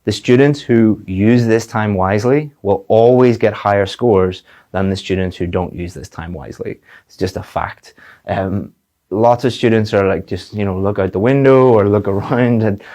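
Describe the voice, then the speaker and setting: A man's voice: on the low side, normal speed, mellow. A man teaching an exam preparation lesson in a direct way, often repeating words for emphasis. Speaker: IELTS teacher. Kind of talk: video lesson.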